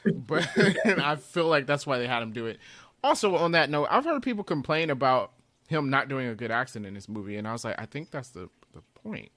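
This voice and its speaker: A man's voice: mid-range voice, fairly quick, no echo. A man co-hosting a podcast, chatting casually about a movie and laughing often. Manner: laughs often, animated retelling. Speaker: podcast co-host.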